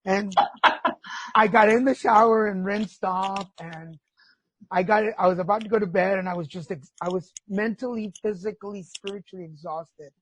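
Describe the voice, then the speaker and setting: A middle-aged man hosts a casual podcast chat with a husky, breathy voice. He tells candid stories with plenty of feeling and swears freely. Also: high-pitched, fairly even intonation, moderate pace. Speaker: podcast host.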